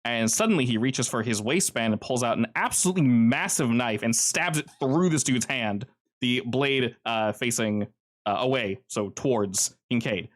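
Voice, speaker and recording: A man narrating as game master in a casual, animated storytelling manner. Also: medium pitch.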